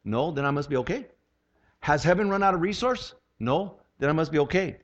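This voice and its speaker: A man's voice: on the high side, expressive, fairly quick. A man in his sixties, a pastor preaching a conversational, humorous sermon full of rhetorical questions. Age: 60s. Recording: lo-fi dull sound.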